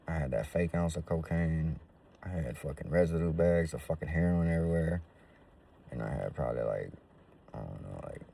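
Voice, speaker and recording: A man's voice: very deep voice, creaky, dark tone, far from the mic. A man telling his own life story in a casual, slangy, profane way.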